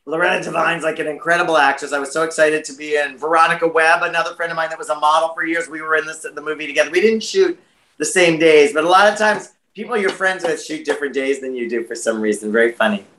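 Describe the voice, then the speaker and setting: Brief: American man, chatty interview guest, high and bright, roomy echo. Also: fast talker. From United States. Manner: chatty and animated, many fillers. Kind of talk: casual interview chat.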